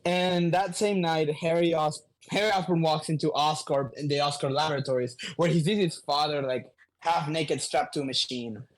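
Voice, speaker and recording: A man co-hosting a podcast, recapping comic books in casual chat, an animated storyteller who swears freely. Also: a little high, moderate pace, hardly any pauses. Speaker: podcast co-host.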